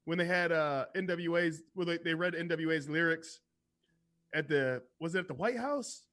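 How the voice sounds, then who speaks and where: A man's voice: fairly high pitch, moderate pace, fairly bright tone. A man co-hosting a casual talk show, speaking bluntly with swearing and hesitant fillers. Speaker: podcast co-host. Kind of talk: casual chat.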